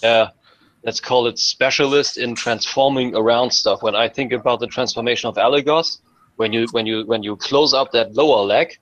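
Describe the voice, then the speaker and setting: Mid-pitched man in a casual podcast, explains deliberately, repeats himself. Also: a bit bright, highs cut off. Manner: deliberate, explaining, repetitive phrasing. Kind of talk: casual chat among toy collectors.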